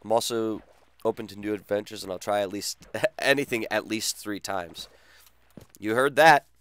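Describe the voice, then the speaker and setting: Smooth-voiced man teasing his stream chat. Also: lowish voice, normal speed, a bit bright, no echo. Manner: crude, teasing banter with chat. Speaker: gaming streamer. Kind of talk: casual live-stream chat.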